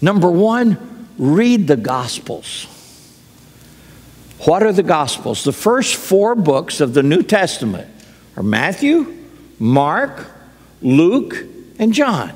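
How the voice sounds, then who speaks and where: A man's voice: sits high, very animated, takes it slowly, pauses often, a little mellow, breathy edge. A man preaching a sermon in a folksy storytelling way, acting out the people in his stories. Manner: folksy storytelling, acts out quotes. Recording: long hall reverb.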